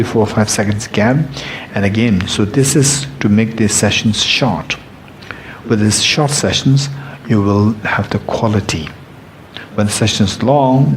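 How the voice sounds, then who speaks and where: A man's voice: lowish voice, a little hiss or hum, rough recording. A man teaching meditation practice to a class, earnest and repeating his key points in plain, slightly non-native phrasing. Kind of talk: dharma teaching.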